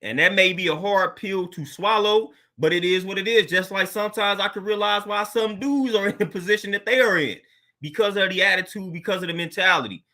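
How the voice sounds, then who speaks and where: Bright, high-voiced man in casual talk. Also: fairly quick. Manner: laid-back, conversational, laughs often, street slang. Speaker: podcast host. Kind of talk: casual monologue commentary.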